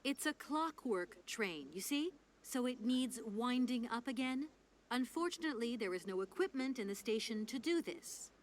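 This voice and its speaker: A woman's voice: a little high, lively intonation, moderate pace, slight background noise, close to an everyday voice. A woman voicing a composed American lawyer in a video game, explaining patiently. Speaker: game character.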